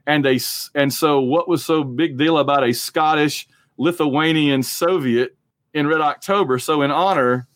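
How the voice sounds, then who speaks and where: Animated, rambling man chatting about movies. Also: fairly high pitch, normal speed, dry recording, clean studio sound. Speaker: podcast co-host. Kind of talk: casual movie chat.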